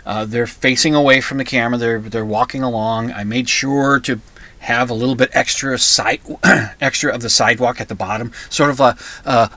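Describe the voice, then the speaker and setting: A middle-aged man hosting a podcast, telling a personal family story in a halting way with many restarts. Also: medium pitch, sharp tone, no echo. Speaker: podcast host. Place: comic book store.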